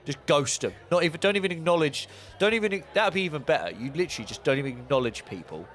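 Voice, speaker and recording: A man's voice: on the high side, expressive, fast talker, fairly bright tone, faint music behind. A young man from the south of England with a southern English accent, co-hosting a casual podcast chat and telling stories in a dry, teasing way. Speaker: podcast co-host.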